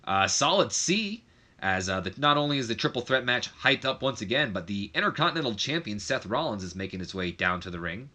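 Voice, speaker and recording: A young game commentator casually recaps a wrestling management game, chatting with plenty of fillers and self-corrections and tossing in quick mock voices of other people. His medium-pitched voice has a sing-song, sharp quality.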